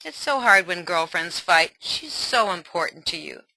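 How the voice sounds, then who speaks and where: A woman voicing the mother of a teenage girl, speaking softly and soothingly in a parenting role play. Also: medium pitch, expressive, moderate pace, no room sound, poor audio. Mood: empathetic. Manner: soft, soothing.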